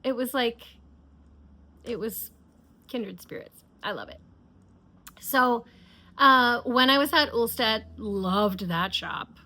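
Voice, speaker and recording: A woman's voice: a little high, takes it slowly, pauses often, pushed and bright. A middle-aged woman hosting a knitting podcast, chatting casually and enthusiastically with many fillers and restarts. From United States. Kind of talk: casual chat.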